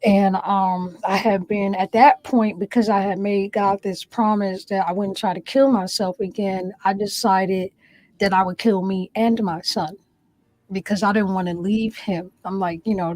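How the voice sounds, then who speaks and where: A woman's voice: medium pitch, fairly even intonation, a little slow, a little mellow, no room sound, poor audio. A woman who is a comedian, a guest telling an emotional personal story with earnest feeling and acting out her own past words. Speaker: interview guest.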